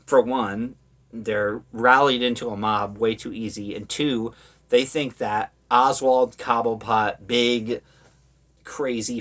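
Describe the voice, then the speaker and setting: A man's voice: mid-range voice, fairly bright tone. Rambling, sarcastic man reviewing horror films. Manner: rambling, with many fillers and sarcastic asides. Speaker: horror movie vlogger. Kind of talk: casual opinionated commentary.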